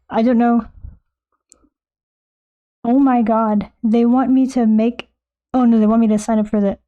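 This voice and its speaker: A woman's voice: a little high, warm tone. A young American woman chatting casually with her live-stream viewers, bubbly and self-mocking. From United States.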